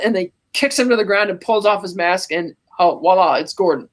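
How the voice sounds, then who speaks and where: A podcast co-host on a call, casually recapping a film scene beat by beat in an animated, storytelling way. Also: medium pitch, fairly quick. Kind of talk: casual movie recap chat.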